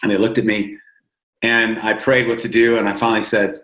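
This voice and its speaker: A man from the United States, an interview guest, telling stories plainly and earnestly with halting restarts, slowing down to stress points. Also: fairly low pitch, little pitch movement, a bit bright. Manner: plain-spoken, halting restarts, slows for emphasis. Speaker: founder of an aid group, interview guest. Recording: roomy echo.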